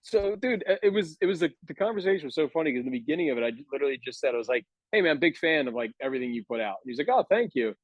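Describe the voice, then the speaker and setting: A man's voice: on the high side, lively intonation, racing, hardly any pauses, no room sound. A man in his thirties telling a long, rambling story on a podcast, laughing as he goes. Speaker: podcast guest. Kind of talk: casual chat, storytelling.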